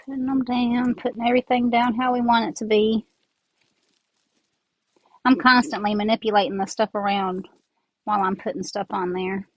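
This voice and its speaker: A chatty woman with a Southern twang talks her way through a craft project, rambling as she works with her hands. Her voice sits a little high and sounds slightly congested. It's picked up close on an earbud mic, with a dry, dead sound. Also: no room sound, lo-fi sound. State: congested from sinuses. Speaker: craft host. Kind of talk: casual craft tutorial chat.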